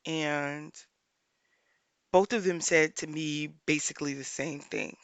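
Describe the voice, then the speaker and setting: A woman life coach hosting a solo podcast, speaking earnestly and repeating her points for emphasis, pausing often to think aloud. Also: low-pitched, fairly even intonation, clean tone, no echo.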